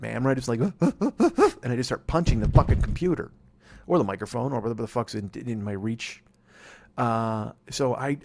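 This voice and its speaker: A man's voice: mid-range voice, creaky, darkish tone. A man in his forties hosting a podcast alone, rambling and swearing in a casual, self-mocking way. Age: 40s. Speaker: podcast host. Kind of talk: casual solo podcast monologue.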